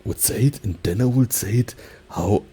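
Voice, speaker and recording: A man talking softly and slipping into whispers in a soft-spoken ASMR video, often padding with "like" as he explains. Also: lowish voice, moderate pace, breathy edge. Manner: alternates soft talking and whispers, many "like" fillers. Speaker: ASMR creator. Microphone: binaural mic.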